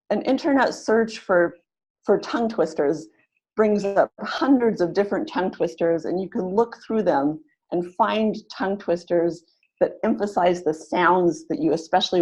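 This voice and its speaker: A woman's voice: on the low side, a little slow, darkish tone, slightly rough. A woman leading an online pronunciation webinar, encouraging and often repeating her phrases as she runs drills. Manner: encouraging, leads drills and clapping exercises. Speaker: webinar facilitator, pronunciation teacher.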